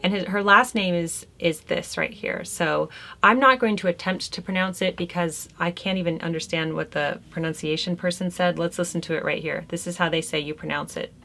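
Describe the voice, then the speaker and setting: A woman's voice: fairly low pitch, fairly even intonation, moderate pace, pushed and bright, a little hiss or hum. A woman hosting a lifestyle video, reading art history notes aloud and breaking off for casual, chatty asides. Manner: conversational, chatty, laughs between remarks. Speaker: host.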